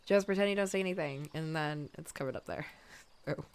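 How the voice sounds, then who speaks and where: A woman's voice: sits low, fast, clean tone. A woman with a cold chats away while she draws on a live stream, coughing now and then. She talks in a loose, casual way and laughs at her own mistakes. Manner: chatty, self-deprecating, laughs often. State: sick, coughing. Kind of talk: casual chat while drawing.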